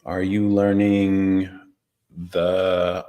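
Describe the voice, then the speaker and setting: A man's low-pitched voice, a little slow, comes through as he hosts a live stream. He reads viewers' comments in a laid-back chat, chuckling often and trailing off.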